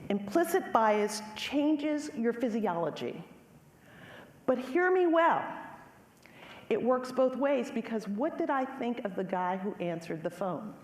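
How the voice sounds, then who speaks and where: A middle-aged woman giving a lecture, telling a personal story in an animated, emphatic way and speaking directly to the audience. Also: on the high side, unhurried, hardly any pauses. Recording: echoey hall with faint ambience.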